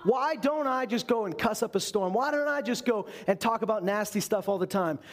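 A man's voice: sits high, animated, brisk. A man preaching a sermon as a pastor, earnest and full of rhetorical questions.

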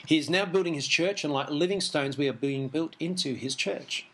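A man giving a relaxed Bible teaching, reading passages aloud and commenting in an easygoing, chuckling way. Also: on the high side, moderate pace. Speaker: Christian teacher.

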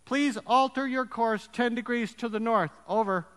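A man's voice: very high voice, moderate pace, fairly bright tone, clear, resonant tone, long reverb tail, pitched above the performer's own voice. A man voicing a young sailor at a lighthouse who answers politely and steadily but will not give way. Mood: calm firm. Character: calm, unbending young male lighthouse keeper.

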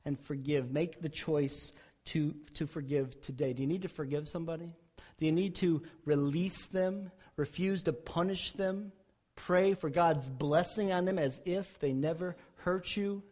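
A man preaching a sermon as pastor, rising loud when voicing prayers and dropping soft for quiet appeals. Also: fairly high pitch, unhurried.

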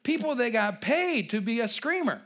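A man preaching a sermon in a church, animated and conversational, with asides to the congregation. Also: extremely high pitch, normal speed.

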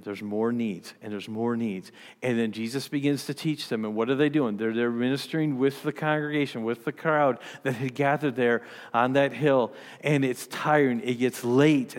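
A man's voice: medium pitch, big-room sound. A man preaching a sermon, earnest and conversational, often restarting his sentences as he explains. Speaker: pastor.

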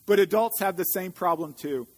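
High-voiced playful preacher, a man. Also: normal speed. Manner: playful, chuckling. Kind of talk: sermon with storybook reading.

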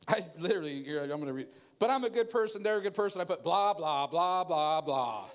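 A man preaching a sermon, talking straight to his congregation in a loose, conversational way and acting out the people he quotes. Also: very fast. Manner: animated, jumps into a higher voice to act out quoted people; conversational preaching with asides and laughs. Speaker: pastor.

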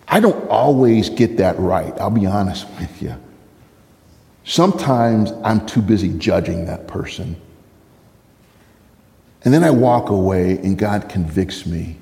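A man preaching a sermon as pastor, telling a story with lively laughs and acted-out dialogue. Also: lowish voice, measured pace, gravelly, long pauses, long reverb tail. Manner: animated storyteller, laughs often, acts out quoted dialogue.

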